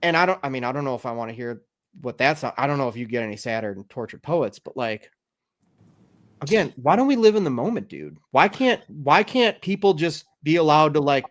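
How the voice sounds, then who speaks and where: A man hosting a casual podcast chat, animated and swearing freely, his voice jumping up when he gets excited. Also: medium pitch, brisk. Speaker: podcast host.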